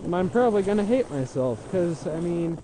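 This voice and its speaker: A man filming himself skiing a steep slope, chatting in a casual, self-mocking, excitable way. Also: high-pitched, brisk, background noise. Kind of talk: casual self-filmed commentary. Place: outdoors on a steep ski slope.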